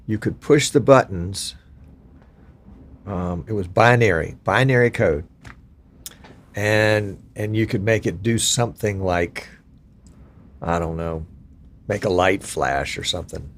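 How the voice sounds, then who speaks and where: A man's voice: lowish voice, takes it slowly, pauses often. Folksy older man hosting a live stream. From Virginia. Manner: folksy, chatty, self-deprecating. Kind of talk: casual live stream chat with viewers.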